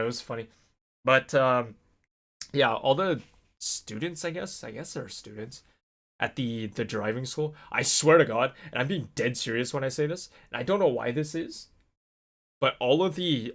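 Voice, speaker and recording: A young adult man vlogging alone, telling a long casual story with many fillers and animated swearing-to-God asides. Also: mid-range voice, normal speed.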